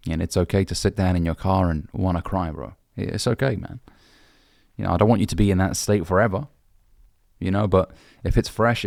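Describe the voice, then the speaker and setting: A man's voice: deep voice, vocal fry, a little mellow, no room sound, clean studio sound. A young man from the UK, a dating coach, giving blunt, brotherly advice and swearing casually. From United Kingdom. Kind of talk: direct-to-camera advice talk.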